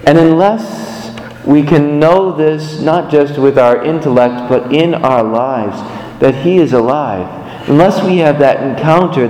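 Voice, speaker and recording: Man, fairly high voice, animated sermon storyteller, recorded in a church with long, roomy reverb. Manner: animated storytelling with big pitch swings. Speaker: preacher.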